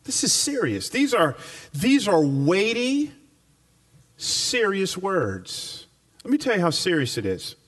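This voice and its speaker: A male pastor preaches to a congregation in a church, his fairly high voice rising and falling in wide, lively swings. He slows down and repeats key phrases for emphasis, and the sound is caught from some distance off the mic. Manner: animated preaching with slow emphatic repetition. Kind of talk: sermon. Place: church before a live congregation.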